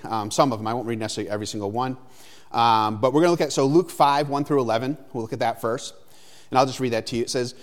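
A man in his thirties preaching a sermon in a loose, conversational way, often checking in with "right?". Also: medium pitch. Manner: conversational, frequent "right?" tags. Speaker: pastor.

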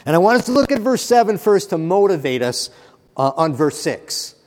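A man preaching a sermon, earnest and building to fervent emphasis, with halting restarts. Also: sits high, sing-song, a little mellow. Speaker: pastor. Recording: long hall reverb.

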